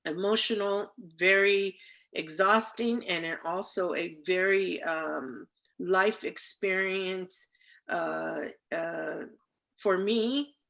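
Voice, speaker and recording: A middle-aged woman, a labor organizer, telling her story as an interview guest in a lively, emotional way, with many pauses and fillers. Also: on the low side, vocal fry. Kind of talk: conversational storytelling.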